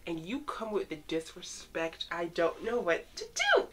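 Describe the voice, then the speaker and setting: A young woman chatting casually as she reacts to photos, excitable and teasing, talking straight to the pictures. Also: lowish voice, moderate pace, a little hiss or hum. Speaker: fan vlogger reacting to photos.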